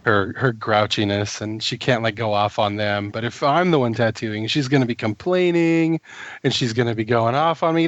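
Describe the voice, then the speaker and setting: A man's voice: medium pitch, moderate pace, dry recording, highs cut off. A man co-hosting a casual gaming podcast, stuffy from a cold, telling crude, joking stories. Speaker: podcast co-host, tattoo artist.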